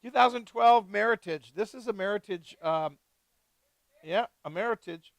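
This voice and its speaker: A man hosting a live wine tasting, chatting casually and excitedly with guests and swearing freely. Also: sits high, moderate pace, gravelly, no echo. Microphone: live stream mic.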